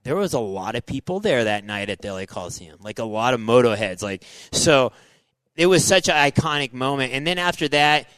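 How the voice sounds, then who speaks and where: Man, 40s, ex-racer guest, casual storyteller, lively delivery, dry close mic. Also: mid-range voice, fairly quick, smooth, no room sound. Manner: animated, says "dude" and "like" a lot, acts out his own past thoughts. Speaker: guest, former motocross racer.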